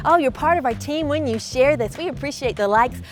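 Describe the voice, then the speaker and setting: A middle-aged woman with a high voice gives a devotional encouragement talk straight to the camera. She speaks warmly and conversationally, often laughing and acting out the words of others. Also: fairly quick, faint music behind. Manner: warm, conversational, laughs often, acts out quotes. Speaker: host of a faith encouragement show.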